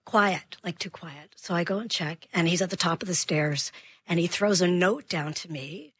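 Brief: female parenting expert guest, slightly husky, dry close mic, animated storyteller. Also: lowish voice, moderate pace, no room sound. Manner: animated storyteller acting out dialogue. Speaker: guest child behavior expert. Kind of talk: radio interview storytelling.

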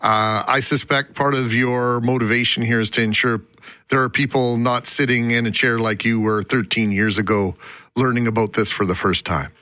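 A male radio host asking gentle, probing questions. His voice is bright and crisp. The studio sound is dry and close. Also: mid-range voice, fairly even intonation, moderate pace, no echo. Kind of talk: radio interview.

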